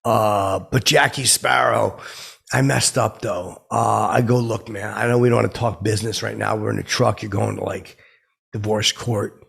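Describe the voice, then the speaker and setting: A man's voice: lowish voice, fairly even intonation, moderate pace, a bit bright, heavily acted. A man playing a rambling, starstruck oddball who tells awkward celebrity stories in a comedic character podcast monologue. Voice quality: gravelly, husky voice. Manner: meandering, awkward storytelling with nervous asides.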